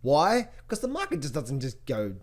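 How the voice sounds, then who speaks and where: A man giving casual market commentary to his viewers, excitable and repetitive, often restarting his phrases. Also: fairly high pitch, normal speed. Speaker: trading educator.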